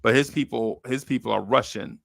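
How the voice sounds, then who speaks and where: A man on a podcast, casually telling a story in animated, slangy talk and acting out what others said. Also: medium pitch, brisk, gravelly, dry recording, studio quality. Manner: animated, slangy storyteller who acts out quoted voices. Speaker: podcast host.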